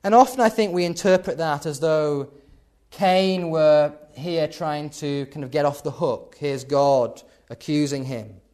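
A man preaching a sermon, building to loud emphatic peaks and then dropping low. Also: measured pace.

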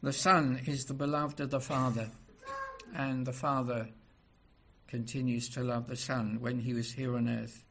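A man's voice: medium pitch, flat delivery, a little slow, gravelly, a bit bright, slight background noise. A man preaching a sermon, asking his listeners rhetorical questions and rising into emphatic stretches.

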